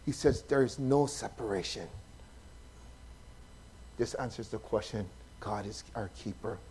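A pastor, preaching a sermon that swings from loud, emphatic passages to soft, hushed ones. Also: male voice, fairly high pitch, a little slow, husky. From Hawaii.

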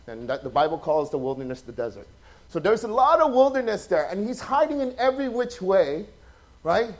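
This is an informal sermon from a high-voiced male preacher who chats easily with his listeners. He animates his stories by performing the people in them and repeatedly asks the congregation questions.

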